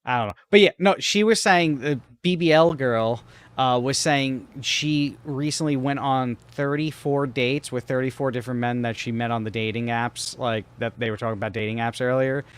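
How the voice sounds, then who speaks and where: A man's voice: medium pitch, moderate pace, clear, resonant tone. A man co-hosting a podcast in casual chat, rambling and hesitant, often trailing off mid-thought. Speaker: podcast co-host.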